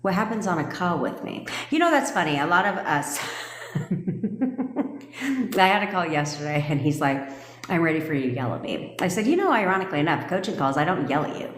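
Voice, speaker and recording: A woman's voice: fairly low pitch, lively intonation, quick pace, few pauses, fairly bright tone. A woman coaching viewers in a casual livestream, blunt and profane and often laughing. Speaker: manifestation coach. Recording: echoey room with long reverb.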